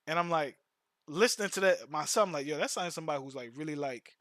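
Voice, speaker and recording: Bright-voiced man telling stories slangily. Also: on the high side, quick pace, no echo, studio quality. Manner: loose slangy storytelling, repeats words. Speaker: streamer. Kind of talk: casual chat.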